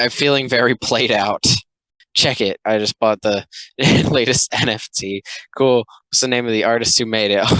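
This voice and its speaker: Young male commentator, sarcastic and rambling; bright, forceful tone, dry close sound. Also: medium pitch, no room sound, low-quality recording. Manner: rambling, sarcastic, many filler likes. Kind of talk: casual reaction commentary.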